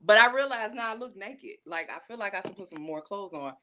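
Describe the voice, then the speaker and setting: Bright-voiced chatty woman podcast host. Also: medium pitch, brisk. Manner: chatty, animated, laughs often. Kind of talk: casual chat.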